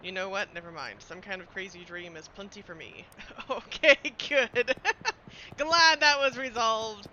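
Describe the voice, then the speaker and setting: Giggly bright-voiced woman streamer. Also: medium pitch, measured pace, dull audio, slight background noise. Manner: giggly and animated, reads narration aloud. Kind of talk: casual game streaming, reading text aloud.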